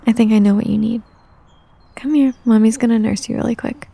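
A young woman in a caretaker role-play audio, soothing and coaxing with some gentle scolding, sometimes dropping to a soft whisper. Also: a little high, fairly even intonation, fairly quick, creaky, no room sound. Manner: drops to soft whispers at times.

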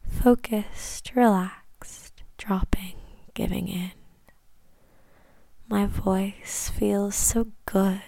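Woman hypnotist, whispered ASMR hypnosis, unhurried and gravelly, close and dry. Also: medium pitch, fairly even intonation, mellow, dry recording. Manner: slow, soothing whispered suggestions. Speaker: hypnosis audio creator.

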